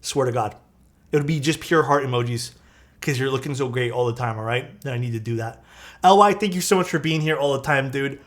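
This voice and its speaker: A man's voice: mid-range voice, a little fast. A young man on a live stream, chatting casually with his viewers while he works on a keyboard, talking loosely with lots of fillers. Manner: chatty, answers chat while working, loose filler-heavy talk. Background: faint music.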